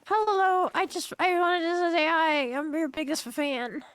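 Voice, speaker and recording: Lady streamer doing a cheeky orphan street-rat girl, high voice, stammers and restarts a lot. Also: fairly even intonation, unhurried. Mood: eager. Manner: chatty, stammering, many restarts. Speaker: roleplay streamer. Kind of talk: in-character game roleplay.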